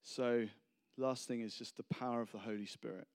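A man's voice: mid-range voice, steady tone, moderate pace, darkish tone, clean tone. A man preaching a casual, humorous sermon, rambling and self-deprecating between anecdotes.

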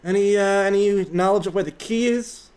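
A man's voice: sits high, steady tone, normal speed, darkish tone. A man playing a tabletop game, snarky and teasing. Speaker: player. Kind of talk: casual tabletop play.

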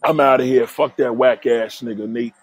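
A man's voice: mid-range voice, fairly even intonation, normal speed, no echo, clean studio sound, voice pushed down, natural voice. A man voicing a fed-up woman who curses out a man, indignant and dismissive.

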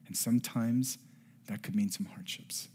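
Pastor shifting from hush to fervor. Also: male voice, lowish voice, fairly even intonation, moderate pace, a little hiss or hum. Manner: swings between hushed near-whispers and raised emphatic passages; acts out family dialogue in a storytelling tone. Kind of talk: sermon.

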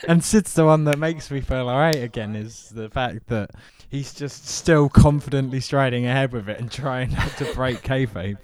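Smooth-voiced man chatting casually. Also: mid-range voice, normal speed, few pauses, darkish tone. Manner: joking, riffing on wrestling promos. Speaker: podcast co-host. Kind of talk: casual chat.

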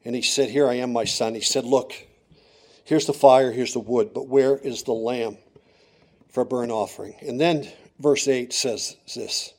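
A middle-aged man preaching a sermon, moving from quiet storytelling to loud, emphatic declarations. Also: medium pitch, steady tone, a little slow.

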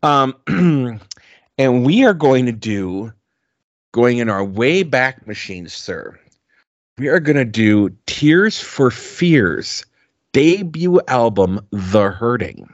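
A man's voice: medium pitch, sing-song, slow, no echo, lo-fi sound. A man co-hosting a music podcast, chatting casually and rambling with lots of fillers and restarts. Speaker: podcast co-host. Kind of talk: casual chat.

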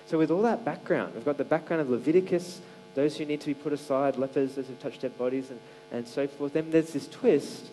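A man's voice: fairly high pitch, a little fast, mellow, faint music behind, poor audio. A man giving a casual, conversational sermon, with many fillers and restarts. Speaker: preacher.

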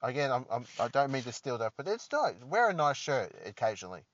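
A man's voice: mid-range voice, big pitch swings, fast. A man hosting a solo podcast, rambling and joking in a self-deprecating way. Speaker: podcast host. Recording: dull lo-fi dry recording.

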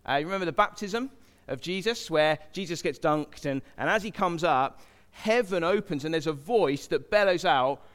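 A man with a fairly high, somewhat bright and expressive voice preaches at a moderate pace in a church hall, the recording carrying long hall reverb. He speaks conversationally, engaging the crowd with questions.

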